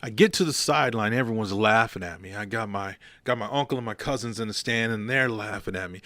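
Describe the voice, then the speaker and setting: A man's voice: on the low side, a little fast, hardly any pauses, sharp tone, no echo. A man hosting a motivational podcast, talking bluntly and telling stories with emphasis. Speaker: podcast host.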